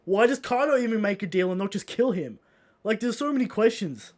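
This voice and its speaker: A man's voice: high voice, expressive, a little fast. A man hosting a live podcast, chatting casually and running segments with mock-solemn playfulness. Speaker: podcast host.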